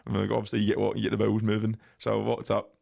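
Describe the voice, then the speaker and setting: A man's voice: lowish voice, monotone, rapid-fire, creaky, mellow. A young man with a Scottish accent, telling a story as a podcast host, laughing and swearing as he goes. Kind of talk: casual storytelling chat.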